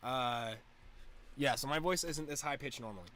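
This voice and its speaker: A young man hosting a livestream, chatting casually and profanely while getting high, deliberately pushing his voice up into a head voice. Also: fairly bright tone, a little hiss or hum. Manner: profane, rambling, laid-back, deliberately pitched-up head voice. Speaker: livestream host. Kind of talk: casual stoner livestream chat.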